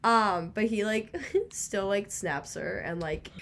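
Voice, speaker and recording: A young woman telling animated stories in casual chat, laughing often. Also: mid-range voice, slow. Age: young adult. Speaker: guest.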